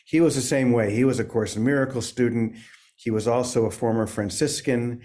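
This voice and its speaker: Priest guy talking slow about faith, mid pitch, lots of little restarts. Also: fairly even intonation. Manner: gentle, searching, with frequent restarts. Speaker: guest, priest and author. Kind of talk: reflective spiritual interview.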